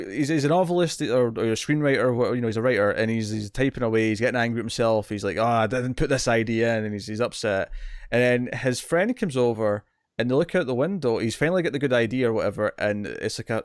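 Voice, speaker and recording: A British man talks through a television episode on a review podcast in a loose, rambling way, often doubling his words as he recaps. His voice sits at an ordinary pitch, and the room around him is dry and close. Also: expressive, quick pace, no room sound. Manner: rambling, repeats words, acts out scenes in quotes. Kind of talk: casual review chat.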